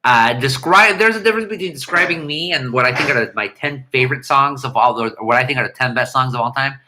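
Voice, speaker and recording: A man's voice: medium pitch, fast talker, background noise. A middle-aged man hosting a casual livestream chat and answering viewer questions in a blunt, irreverent, rambling way.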